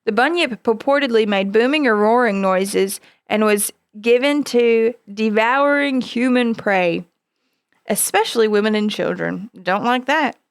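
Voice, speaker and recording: A woman podcast host talks casually with a fairly high, gravelly voice that still comes through smooth and clear. She is blunt and swears freely, and the sound is close and dry. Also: a little slow, no echo. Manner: blunt and profane, laughs often.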